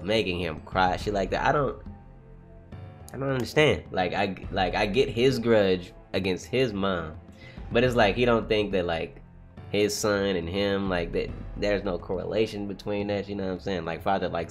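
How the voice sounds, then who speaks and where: A young man streaming a live read-along reaction, swearing freely and swinging from low mutters to high shouted outbursts. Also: normal speed, faint music behind. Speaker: streamer reacting to a manga chapter.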